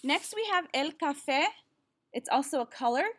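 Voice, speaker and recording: A woman teaching a vocabulary lesson, pronouncing each word slowly and carefully and pausing for the listener to repeat. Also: high-pitched. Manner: slow, careful enunciation with repeat-after-me pauses. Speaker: Spanish teacher.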